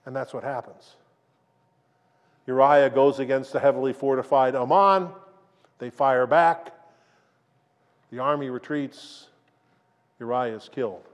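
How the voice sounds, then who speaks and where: A man's voice: mid-range voice, steady tone, a little slow, long pauses. Man preaching in an echoing hall. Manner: dramatic retelling, swinging between loud and hushed. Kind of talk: sermon storytelling. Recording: long reverb of a large hall.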